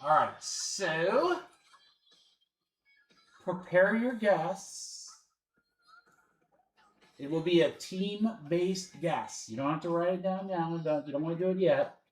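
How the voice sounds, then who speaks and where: A man's voice: fairly high pitch, takes it slowly, pauses often. A man hosting a live card break, chatting casually and calling out names and teams as he goes. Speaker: sports card break host. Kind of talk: casual livestream chat. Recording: echoey room with faint music. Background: faint background music.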